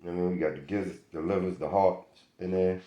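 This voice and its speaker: Vlogger, male, very low voice, groggy and laid-back, slangy casual talk, echoey room. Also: steady tone, fast talker, warm tone, highs cut off. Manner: laid-back slangy chat, keeps asking "you understand me". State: just woken up, groggy. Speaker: dog owner vlogger. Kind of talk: casual vlog talk to camera. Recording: roomy echoey sound.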